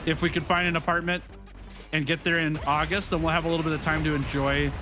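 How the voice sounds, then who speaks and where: A man in his thirties, a gaming streamer, chatting casually with his live viewers, upbeat and quick to laugh. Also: a little high, flat delivery, over music.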